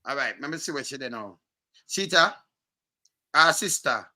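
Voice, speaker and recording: A man with a Jamaican accent reading through documents and commenting, animated and emphatic in patois. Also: mid-range voice, moderate pace, a crowd in the background. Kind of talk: casual chat.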